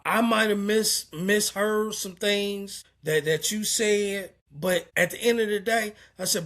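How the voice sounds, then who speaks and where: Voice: medium pitch, unhurried, few pauses. Stammering, profane truck driver from Indianapolis. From Indianapolis, USA. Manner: stammering repeats, profane, animated retelling. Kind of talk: casual storytelling vlog.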